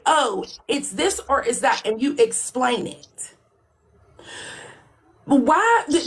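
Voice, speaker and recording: A woman co-hosting a commentary chat, asking questions in a sarcastic, mock-innocent way. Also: sits high.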